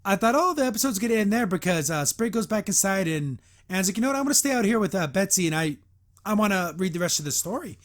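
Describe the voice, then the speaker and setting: Male host, somewhat high-pitched, rambling casual recap, filler-heavy, laughs often. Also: expressive, fast talker. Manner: chuckles often while recapping. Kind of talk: casual episode review.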